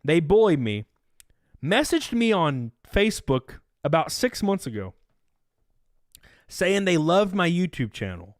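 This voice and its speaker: Animated, profane man telling stories. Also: on the high side, unhurried, pauses often, no room sound, studio quality. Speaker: livestream host. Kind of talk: casual storytelling to a live chat.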